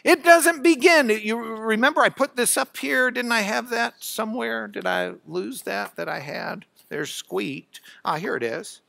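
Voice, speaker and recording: Man teaching a bible lesson, slow and sharp, dry close sound, big loud punches on words. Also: high-pitched, vocal fry, no room sound. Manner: dramatic bursts of loud emphasis while reading scripture; drops to quiet asides when searching notes. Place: classroom, recorded for radio.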